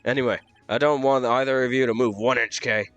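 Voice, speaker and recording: Guy doing a gruff fast-talking detective, low and blunt, faint music behind. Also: steady tone, fairly bright tone, no room sound, natural voice. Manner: gruff, hurried tough-guy drawl.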